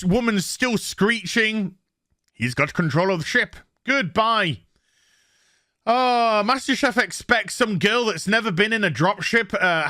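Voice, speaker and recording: Man, angry sarcastic rant, swearing, high voice, dry close sound. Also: sharp tone, no room sound. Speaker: YouTube reviewer. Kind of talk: ranting review vlog.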